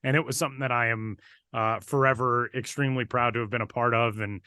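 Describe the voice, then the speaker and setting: A man co-hosting a podcast and telling a story in a casual, animated way. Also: mid-range voice, fast talker, clear, resonant tone, dry recording, studio quality. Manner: animated, building excitement while recounting. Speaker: podcast co-host and broadcaster.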